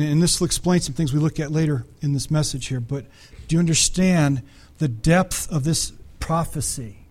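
A man preaching a conversational sermon, asking his listeners questions and acting out the voices in the story. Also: on the high side. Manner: conversational, acts out the Bible voices, asks the audience questions. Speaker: pastor.

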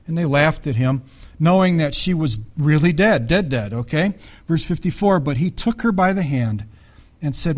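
A man with a notably high voice preaches to his congregation. He reads scripture passages aloud and breaks in with casual asides. He keeps asking his listeners whether they follow. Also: lively intonation, moderate pace. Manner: conversational preaching with frequent checks to the congregation. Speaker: pastor. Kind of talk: sermon.

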